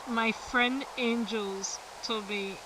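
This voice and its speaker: A woman's voice: a little high, fairly even intonation, extremely slow, recorded from a distance, background noise. A woman streamer telling a rambling story in casual talk, often laughing and swearing.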